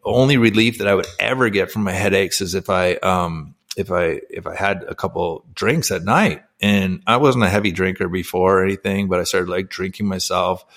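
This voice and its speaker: Man in his forties, fairly low voice, interview guest, candid, emotional, lots of fillers. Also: normal speed, few pauses, fairly bright tone. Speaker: guest, former hockey player turned life coach. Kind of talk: personal storytelling in an interview.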